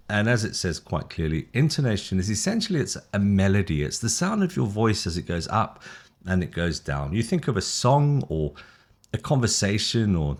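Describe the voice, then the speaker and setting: A man with a British accent giving a casual spoken English lesson, chatty and loose, with fillers and restarts. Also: deep voice. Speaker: English teacher.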